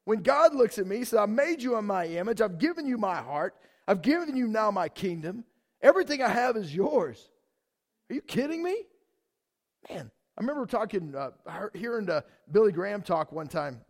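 A man preaching a sermon in a conversational, animated way, asking the congregation questions. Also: high voice, a little fast. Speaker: pastor.

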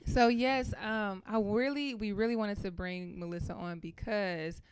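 A woman in her thirties hosting a talk show, telling stories in a lively, colloquial way. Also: medium pitch, a little slow, clear, resonant tone, no room sound. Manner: animated, storytelling, Southern-style colloquial speech. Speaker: podcast host. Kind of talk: casual chat.

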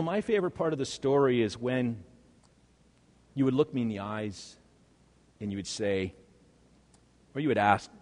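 Earnest preacher in a reverberant hall. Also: male voice, on the low side. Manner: earnest, swings between hushed and loud. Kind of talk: first-person dramatic monologue sermon.

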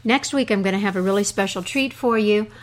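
A woman hosting a storytelling podcast, telling a folk tale in a soft, measured way. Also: mid-range voice. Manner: slow, measured, soft delivery.

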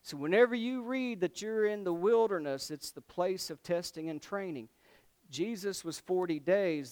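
Brief: male preacher, high and clear, conversational sermon. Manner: conversational, asks the congregation questions.

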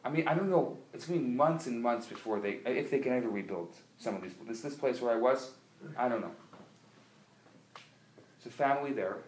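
A man, a rabbi, teaching a live class, telling a story with rising passion and loud emphatic peaks. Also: mid-range voice, expressive, moderate pace, long pauses, a little hiss or hum. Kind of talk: live lecture. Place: lecture room. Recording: echoey room live recording.

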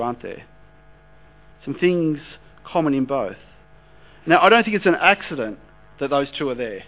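A man giving a sermon, reading a long scripture passage steadily and then explaining it in a conversational way. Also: medium pitch. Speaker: preacher. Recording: dull lo-fi recording with mains hum.

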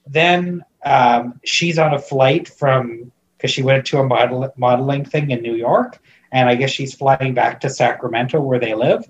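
A man's voice: medium pitch, fairly even intonation, unhurried, slight background noise. Rambling man with a muffled mic. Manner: rambling, lots of "like" and restarts, amused disbelief. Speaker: podcast co-host recapping a movie. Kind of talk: casual chat.

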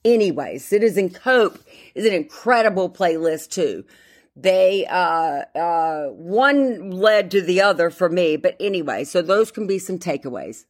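A woman's voice: lowish voice, animated, unhurried. A woman, chatting casually as a podcast host, rambling, interrupting herself and filling gaps with ums. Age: 50s. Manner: rambling, self-interrupting, many fillers. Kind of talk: casual solo chat.

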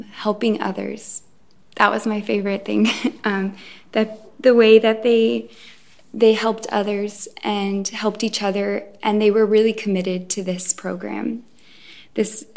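Woman telling her recovery story at a meeting, bit gravelly, lots of ums and restarts. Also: fairly high pitch. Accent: Irish. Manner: hesitant, many ums and restarts. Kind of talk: personal testimony at a meeting. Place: event room. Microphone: recorded.

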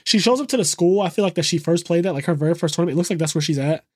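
Man, podcast co-host, casual profane recap, fairly high voice, dry close sound. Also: rapid-fire, darkish tone, slightly rough, no room sound. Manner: loose and profane, acts out characters' lines in quotes.

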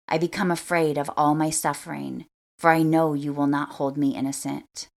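A woman reading scripture aloud as the show's host, in a measured, earnest way. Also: low-pitched, steady tone, gravelly. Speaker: scripture reader.

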